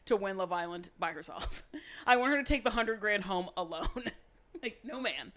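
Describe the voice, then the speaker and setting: A woman co-hosting a podcast, recapping in casual chat with animated, swear-filled asides. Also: mid-range voice, normal speed. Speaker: podcast co-host.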